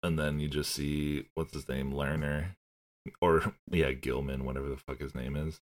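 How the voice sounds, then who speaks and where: A man's voice: extremely low pitch, steady tone, normal speed. A man co-hosting a casual movie podcast, laughing often, cursing freely and acting out characters' lines as he recaps scenes. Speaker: podcast co-host.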